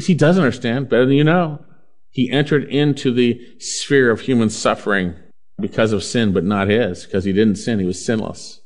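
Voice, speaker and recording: An earnest male preacher delivering a sermon at a mid-range pitch. He reads scripture aloud, lifting some phrases with emphasis and slowing others down to a hushed, deliberate pace. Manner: earnest, swings between loud emphasis and slow hushed phrases.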